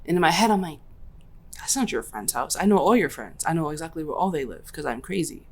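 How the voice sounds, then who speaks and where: Low-voiced young woman telling a story. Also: fairly quick. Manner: animated, slangy storytelling with voiced-out quotes. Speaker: podcast host. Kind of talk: casual storytelling chat.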